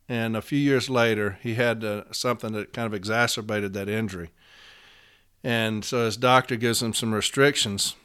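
A man's voice: medium pitch, fairly bright tone, clear, resonant tone. Blunt, profane man telling a story. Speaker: union representative. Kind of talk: casual storytelling monologue.

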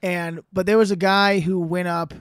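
High-voiced laid-back young man. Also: flat delivery, normal speed, clean tone, dry recording, studio quality. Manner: laid-back, profane, laughs often. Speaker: podcast co-host and stand-up comic. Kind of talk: casual chat.

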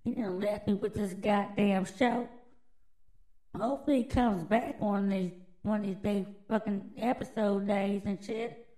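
A woman's voice: medium pitch, steady tone, measured pace, dark tone, low-quality recording. A woman hosting a podcast alone, delivering a crude, rambling, mock-conspiratorial monologue full of swearing. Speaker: podcast host.

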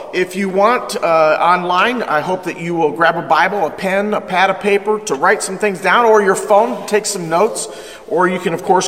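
A man preaching a sermon as pastor, energetic and emphatic, calling the congregation to respond. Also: high voice. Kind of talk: sermon, Bible study teaching. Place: church hall with live congregation. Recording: echoey hall with long reverb.

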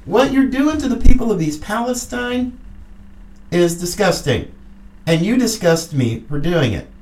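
Female podcast host with a mocking, angry political rant, a very lively swinging pitch and an unhurried delivery. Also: far from the mic. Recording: echoey room.

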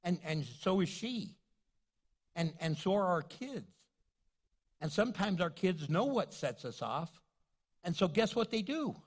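Older man preaching, high-pitched and playful. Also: very animated, a little slow, long pauses. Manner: storytelling, playful, laughs at his own jokes. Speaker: pastor. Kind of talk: sermon.

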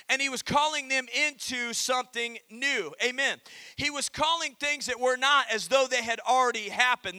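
A man pastor preaching a sermon, calling out to the congregation and reading scripture with emphatic pauses. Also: very high voice, sharp tone, smooth, dry recording. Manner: emphatic preaching with call-and-response.

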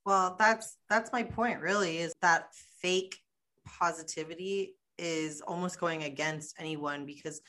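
A woman's voice: fairly low pitch, unhurried, bright, forceful tone. A woman hosting a podcast in casual chat, blunt and outspoken, laughing easily. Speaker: podcast host.

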